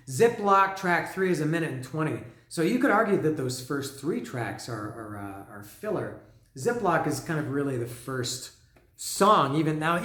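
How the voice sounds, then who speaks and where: A man's voice: on the high side, fairly bright tone. Rambling man in an echoey room. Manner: rambling, many restarts and fillers, raps lyrics along. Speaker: music vlogger. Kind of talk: casual album review monologue.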